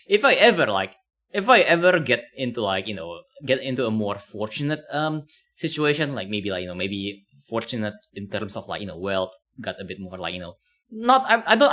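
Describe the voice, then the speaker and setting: A man's voice: lowish voice, sing-song, a little fast, sharp tone. A man streaming casually, commenting on a video with rambling talk full of fillers and laughs.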